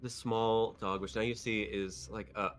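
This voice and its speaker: A man narrating a tabletop game as game master, relaxed and laughing often. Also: lowish voice, measured pace, soft background music.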